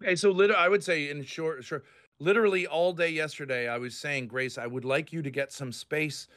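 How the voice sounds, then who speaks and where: On a voice call in a heated online group chat, a Rhode Island man in his fifties rants with anger and profanity. His voice is fairly high, steady in tone, a little fast and somewhat bright.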